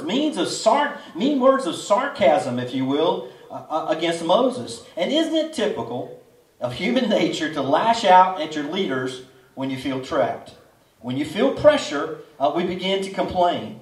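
A man's voice: on the high side, expressive, normal speed. A man preaching a sermon at a drive-in church service, folksy and conversational, full of rhetorical questions. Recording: roomy echo, distant mic.

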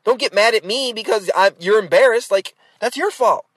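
A man's voice: sits high, normal speed, fairly bright tone, no room sound. A man hosting a podcast, delivering a blunt, exasperated rant full of fillers and restarts. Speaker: podcast host. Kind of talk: ranting monologue.

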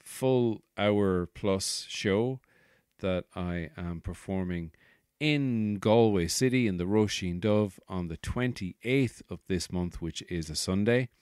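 Low-voiced Irish comedian, rambling. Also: male voice, takes it slowly, darkish tone, clear, resonant tone, no room sound, clean studio sound. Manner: rambling, swearing, exasperated asides. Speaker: comedian and podcast host. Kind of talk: casual rambling monologue.

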